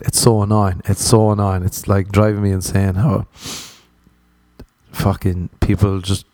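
Irish male stand-up, sweary ranting delivery, lower voice, close and dry. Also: flat delivery, a little slow, a little mellow, dry recording. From Ireland. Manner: profane, ranting, acts out voices. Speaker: stand-up comedian. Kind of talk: stand-up comedy.

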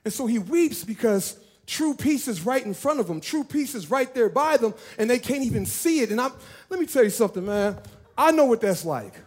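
A man preaching as a pastor, animated and playful, talking directly to his church. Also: extremely high pitch, normal speed. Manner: animated, playful, talks to the congregation. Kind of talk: lively sermon.

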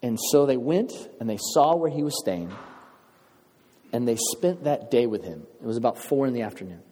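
A man delivers a sermon in a relaxed, conversational way and keeps asking questions of his listeners. His voice is mellow and slightly husky. The sound carries the long reverb of a large church hall. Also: mid-range voice, normal speed. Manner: conversational preaching with rhetorical questions. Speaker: pastor.

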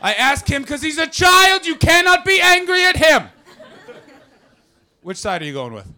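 A man from Canada doing brash, profane stand-up crowd work, often jumping into loud shouted voices. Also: very high-pitched, big pitch swings, moderate pace. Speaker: stand-up comedian. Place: comedy club with audience.

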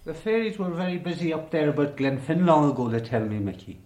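A man's voice: a little high, expressive, fast talker, a little mellow. A man interviewing a storyteller, prompting him with questions. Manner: prompting, encouraging. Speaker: folklore collector interviewer. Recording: echoey archive recording.

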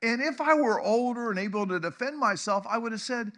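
A man's voice: very high voice, animated, fairly quick, hardly any pauses, a bit bright. A man, preaching a conversational sermon, often asking the congregation questions and chuckling. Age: 60s. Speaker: pastor.

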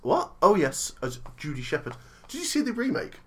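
A man's voice: high voice, wildly swooping pitch, moderate pace. A tired man in his thirties co-hosting a casual film-review podcast, rambling and teasing his co-host and laughing often. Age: 30s.

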